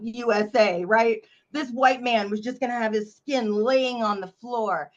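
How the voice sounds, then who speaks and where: A woman from North Carolina, a memoir author guest telling a story in a blunt, animated way and swearing freely. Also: fairly high pitch, moderate pace, hardly any pauses, muffled recording. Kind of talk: casual interview storytelling.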